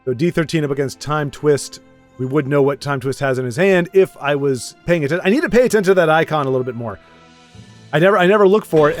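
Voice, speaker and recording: A man casually commentating a card game match, chatty and self-deprecating, rambling with frequent restarts. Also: a little high.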